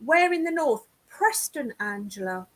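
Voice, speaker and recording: A woman's voice: sits high, very animated, unhurried, fairly bright tone. A woman from England, a guest psychic medium chatting casually over a video call, laughing often and self-deprecating.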